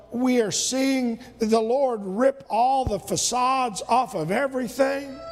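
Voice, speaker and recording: Man, minister, very high voice, emphatic sermon, repeats himself, rhetorical questions, long hall reverb. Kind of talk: preaching a sermon.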